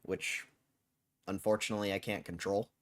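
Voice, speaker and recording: A man hosting a stock livestream, chatting casually with viewers in a low, flat tone he says can sound angry. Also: moderate pace. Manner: breaks into song and a high cheery put-on voice as a joke.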